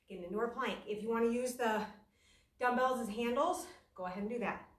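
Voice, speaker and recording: Recorded in an echoey room from some distance, with background noise, a woman runs a workout class while exercising herself. She talks fairly quickly in a high-leaning voice, chatty and self-deprecating, and at times gets winded.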